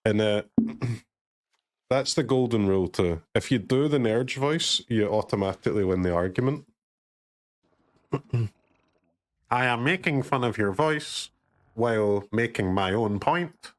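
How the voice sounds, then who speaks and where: A Glasgow man streams a card game with casual commentary, chatting sarcastically, joking and swearing freely in a neutral streamer voice. His voice is on the low side and expressive, unhurried, with long pauses.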